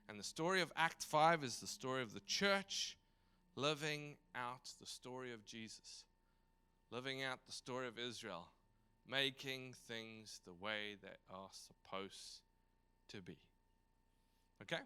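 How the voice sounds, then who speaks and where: A man teaching in a sermon style, emphatic and animated, slipping into voices for the figures he quotes. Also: medium pitch, measured pace, smooth. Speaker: pastor. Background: speaking from home.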